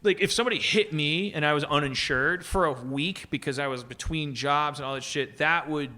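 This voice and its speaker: A podcast host, a man, riffs in a loose, rambling way, restarting sentences and swearing casually. His voice is bright and forward and sits a little high for a man. He talks like he is working the idea out on the spot. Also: brisk. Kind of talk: casual comedic riffing. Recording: live podcast stage.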